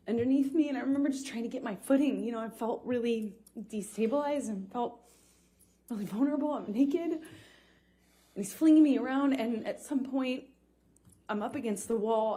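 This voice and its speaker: A woman in her thirties testifying in a courtroom, speaking haltingly with frequent pauses and broken-off restarts. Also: fairly high pitch, mellow, husky. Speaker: trial witness.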